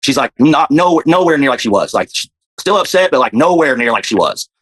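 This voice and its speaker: A man's voice: mid-range voice, very animated, brisk, fairly bright tone, husky. A man telling his story in casual, rambling talk, profane and full of fillers.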